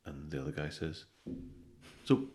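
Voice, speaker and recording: Male comedian, very deep voice, sweary animated joke-teller, keeps checking in with "right?". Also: moderate pace, slight background noise. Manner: animated storytelling, sweary, with frequent "right?" tags. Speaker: comedian guest. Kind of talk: casual podcast chat, telling jokes.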